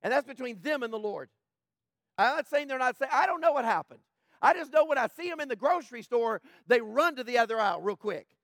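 A man preaching a sermon, animated, with stammered restarts and sudden drops to a low, quiet delivery. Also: a little fast, dry recording, clean studio sound. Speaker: pastor.

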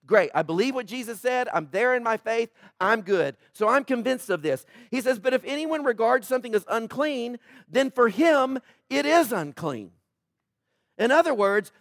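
A man preaching a sermon as pastor, talking in a casual way, swinging between loud exhortation and quiet emphasis, with jokes for the congregation. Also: very high-pitched, no room sound, studio quality. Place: church.

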